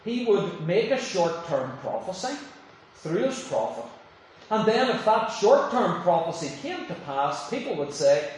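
A man preaching a sermon, dramatic, acting out the voices he quotes and dropping from loud to hushed. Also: sits high, sing-song, unhurried. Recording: very echoey, from far off the mic, faint noise.

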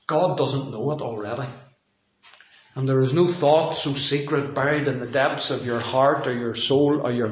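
A man's voice: medium pitch, reverberant, low-quality recording. A man preaching a sermon in a conversational way, telling personal anecdotes.

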